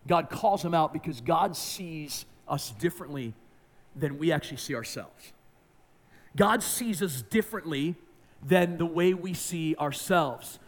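A man delivers a sermon in a notably high voice. He preaches emphatically, dropping to hushed tones and then rising to near-shouting. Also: unhurried. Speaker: pastor.

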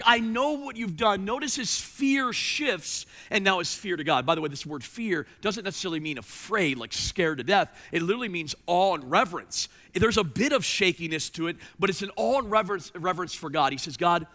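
Bright, high-voiced male preacher. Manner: emphatic preaching, swings from loud to hushed. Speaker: pastor. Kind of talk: sermon.

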